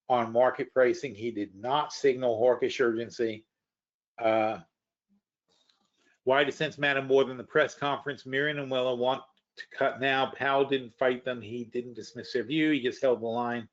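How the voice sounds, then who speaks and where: A man hosting a live webinar talks through the news in a loose, thinking-aloud way, blunt and now and then profane. His voice sits at an ordinary middle pitch. The audio is dull and lo-fi, like a muffled webinar feed. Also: fairly bright tone. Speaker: webinar host. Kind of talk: casual live market commentary.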